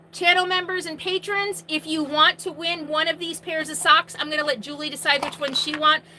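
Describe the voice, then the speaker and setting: A woman hosting a live question-and-answer stream from inside her RV, chatting casually and projecting her voice loudly. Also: sits high, a little hiss or hum, rough recording.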